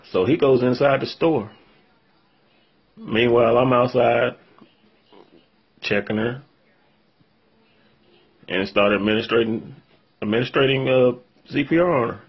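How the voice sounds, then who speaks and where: A vlogger speaks straight to his viewers, telling an emotional first-person story about something hard that happened to him; he's earnest, heartfelt, and shaken after crying. His medium-pitched voice is slightly rough, unhurried, and broken by long pauses, with the highs cut off.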